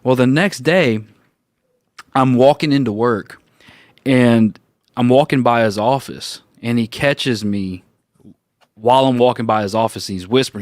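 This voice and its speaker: A man of middle pitch tells a story in an easy, casual way and acts out the lines of the people in it. The mic is close and the room is dry, with no echo. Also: a little slow, long pauses. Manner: animated storyteller, acts out quoted voices, laughs often. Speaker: roundtable co-host.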